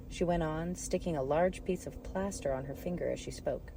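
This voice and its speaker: A woman reading a children's book aloud in calm, even narration. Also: low voice, moderate pace, hardly any pauses, a little hiss or hum. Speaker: storybook reader.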